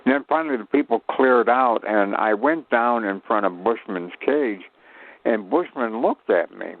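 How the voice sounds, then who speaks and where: Gravelly old storyteller man on phone. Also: mid-range voice, moderate pace, dry recording. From Chicago, USA. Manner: humorous, digressive, self-mocking. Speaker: guest, actor. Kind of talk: rambling anecdotal storytelling. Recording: tinny phone line.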